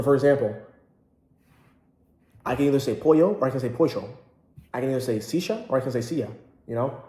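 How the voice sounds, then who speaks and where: A man with a mellow, somewhat dark voice talks casually to the camera, rambling with plenty of fillers and false starts. The sound is roomy, with a noticeable echo around him. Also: medium pitch. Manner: chatty, full of fillers and restarts. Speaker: language-learning vlogger.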